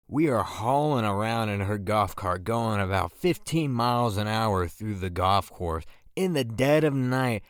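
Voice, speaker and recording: Guy in his 20s doing funny storytime narration, kinda low smooth voice, self-roasting, dry close mic. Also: dry recording. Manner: crude self-mocking humor with sudden loud outbursts.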